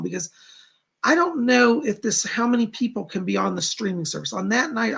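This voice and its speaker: A man's voice: high voice, gravelly, fairly bright tone, husky. A middle-aged man hosting a psychic live stream from home, chatting casually and reading out viewer comments. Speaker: psychic livestream host.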